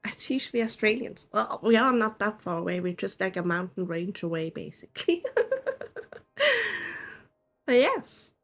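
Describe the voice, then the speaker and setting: A Swiss German woman chats through a game stream, her voice lively and bouncing up and down, a touch husky. She speaks slowly and laughs often. Soft game music plays behind her. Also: mid-range voice. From Switzerland. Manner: giggly, frequent laughs. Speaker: vtuber streamer. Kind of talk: casual game stream chat.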